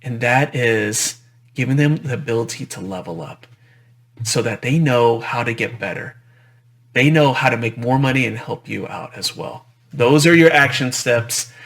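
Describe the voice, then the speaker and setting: Gravelly-voiced man giving a talk. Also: mid-range voice, a bit bright. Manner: conversational, repeats phrases, frequent "right?" tags. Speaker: dentist presenter. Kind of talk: conference presentation.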